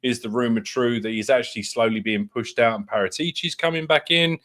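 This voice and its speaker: A man hosts a casual football talk show. He rambles with many hesitations and laughs along with his co-host, his voice at an ordinary mid pitch. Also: fairly quick, a bit bright.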